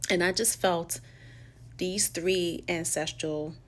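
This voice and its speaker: A woman's voice: lowish voice, steady tone, takes it slowly. A woman from New York with a New York accent, telling her life story in a candid, profane, casual way and mimicking the people she quotes.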